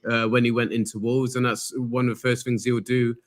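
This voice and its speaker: A man's voice: mid-range voice, little pitch movement, fairly quick. An English man with a hesitant, rambling manner, chatting casually as a panelist on a live fan stream. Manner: rambling, hesitant, many fillers.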